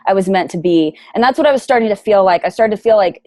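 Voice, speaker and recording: A young adult woman speaking as an interview guest, frank and lively in casual chat. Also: medium pitch, fast, no room sound. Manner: frank and lively, plays devil's advocate.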